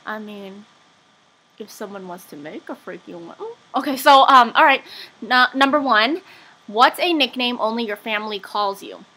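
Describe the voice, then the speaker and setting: A young woman chats straight to camera in an offhand vlog, filling gaps with ums and little asides. Her voice is bright and a touch high. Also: moderate pace, breathy edge. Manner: chatty, lots of fillers and asides. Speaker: vlogger. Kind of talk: casual chat.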